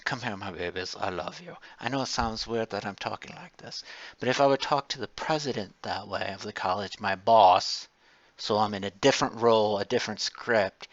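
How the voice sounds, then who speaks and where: A man's voice: lowish voice, no room sound, highs cut off. A male college lecturer giving a casual, digressive class lecture full of personal stories.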